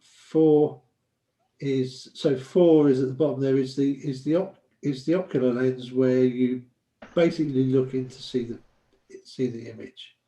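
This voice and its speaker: A man's voice: mid-range voice, steady tone, measured pace, mellow, roomy sound. A man casually explaining diagrams to friends and tripping over French terms. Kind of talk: casual group chat over a shared screen.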